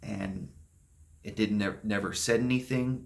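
A young man speaks in a low, gravelly voice. He tells a painful personal story for his vlog, soft-spoken and halting, pausing and starting over as the feelings catch up with him. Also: fairly even intonation. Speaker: vlogger.

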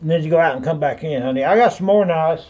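With a slightly high, somewhat mellow voice and a quick pace, a Southern US man handles live-stream auction patter over dull-sounding audio. He rambles folksily and addresses viewers by name.

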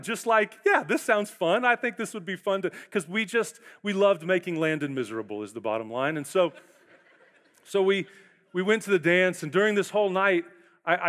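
A man in his forties preaching a sermon as a pastor, telling stories in an animated way with quick bursts and acted-out quotes. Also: high-pitched. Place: large church auditorium. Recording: long church hall reverb.

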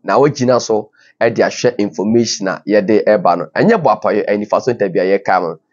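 A man's voice: on the low side, fairly quick. A man with a Ghanaian accent hosts an online news show, reading out viewer comments and mixing Twi with English in an informal, chatty way. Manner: switches between Twi and English, informal asides. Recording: dull lo-fi audio.

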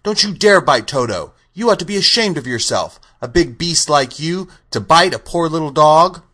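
A man voicing a high, feisty little girl. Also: big pitch swings, normal speed, pushed and bright, husky, full character voice. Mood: scolding. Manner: high-pitched and emphatic. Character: young girl, brave and indignant. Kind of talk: audiobook character voice.

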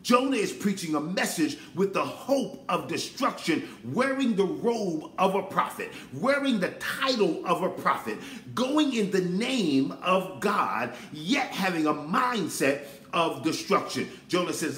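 Male preacher, sermon delivery, emphatic, lively intonation, roomy echo. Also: high voice, unhurried. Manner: emphatic, preachy, repeats "listen".

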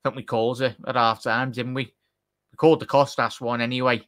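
A man hosting a live football watchalong, chatting to viewers and reacting excitedly to the play. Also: medium pitch, brisk, clean tone. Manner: excitable, chatty, addresses chat directly. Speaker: watchalong host.

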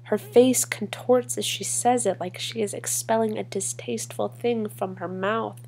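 A woman performing a spoken word poem in a measured, deliberate way with long pauses. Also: medium pitch, steady tone, mellow, slight background noise. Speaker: poetry reader. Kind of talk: spoken word poetry reading.

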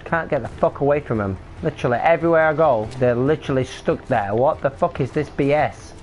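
A man's voice: mid-range voice, a little fast, faint music behind. A young man streaming a game live, commenting on the play and swearing in frustration. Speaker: gaming streamer.

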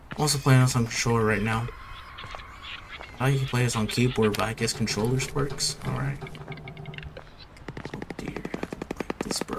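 A young man talks through a horror game in a jumpy, nervous way, circling back to the same worries and ending his phrases with "bro". His voice sits at an ordinary middle pitch. A faint hiss runs underneath. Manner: jittery, nervous, repeats himself, ends phrases with "bro". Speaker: gaming YouTuber. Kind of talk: casual horror game commentary.

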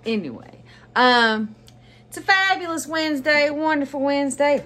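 A woman's voice: high voice, lively intonation, moderate pace, a bit bright. A woman, chatting casually at home in a haul vlog, bubbly and gushing to her viewers. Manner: bubbly, gushing, talks straight to viewers as "y'all". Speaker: vlogger. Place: at home, indoors.

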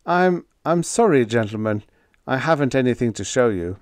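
A man's voice: mid-range voice, expressive, normal speed, no echo, pitched above the performer's own voice, natural voice. A man voicing a meek, mild-mannered young spaceship officer who talks blandly and stammers when flustered, in an audiobook. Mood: shaken. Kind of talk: audiobook character voice.

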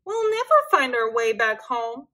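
A woman voicing a small, timid male hare who frightens easily, with a high, anxious, wailing voice. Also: sing-song, unhurried, pushed and bright, full character voice. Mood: scared.

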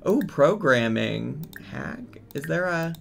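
A man's voice: medium pitch, slow, creaky, fairly bright tone. A man giving casual let's-play commentary as a gaming streamer, exasperated and bossing his game characters around.

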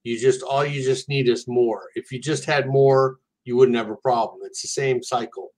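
An earnest man speaks plainly and candidly as a guest, with a mid-pitched voice and a steady, direct delivery. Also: normal speed. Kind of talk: casual conversation.

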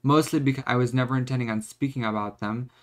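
A man's voice: mid-range voice, steady tone, fast talker. A young man in his twenties venting in a confessional vlog, rambling, choked up and close to tears, with frequent restarts. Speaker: vlogger.

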